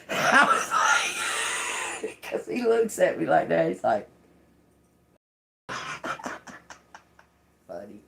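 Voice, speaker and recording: A woman's voice: on the low side, lively intonation, a little slow, creaky, pauses often. Chatty woman tarot reader. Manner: chatty and loose, laughs often, talks to her pet bird. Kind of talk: casual reading and chat to viewers.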